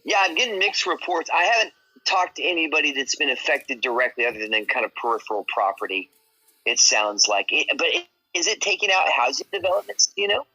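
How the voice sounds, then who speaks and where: A man's voice: a little high, animated, fairly quick, sharp tone, slightly rough, rough recording. A man co-hosting a livestream in casual voice chat, joking and upbeat with his guests. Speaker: stream co-host.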